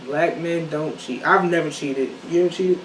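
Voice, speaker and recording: Young man, high pitch, playful, laughing, casual chat, distant mic, echoey room. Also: moderate pace. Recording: echoey room, mic set back, faint hiss.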